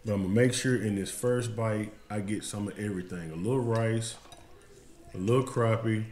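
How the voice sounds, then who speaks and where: A man's voice: on the low side, normal speed, a little mellow. A man hosting a fishing channel, tasting food on a casual vlog in a home kitchen. He talks in a folksy, emotional way and keeps calling his viewers y'all. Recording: roomy indoor sound with faint background noise.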